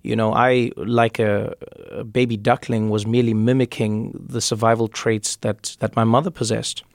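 Gravelly man in conversation. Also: on the low side, flat delivery, moderate pace, no room sound, studio quality. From South Africa. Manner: reflective, repeats words while thinking. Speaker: guest, comedian and author. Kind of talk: conversational interview.

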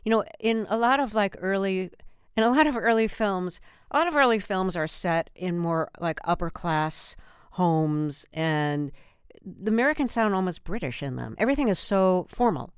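Thoughtful woman host with smooth voice. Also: medium pitch, expressive, dry recording, clean studio sound. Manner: thoughtful, measured questions. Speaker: podcast host. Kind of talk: conversational interview questions.

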